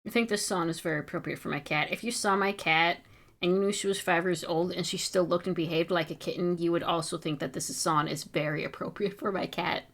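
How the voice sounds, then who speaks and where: A woman's voice: fairly low pitch, steady tone, fairly quick, a bit bright. A woman streaming as an artist, chatting casually while she draws, giggly, chatty and self-mocking. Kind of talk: casual chat while drawing.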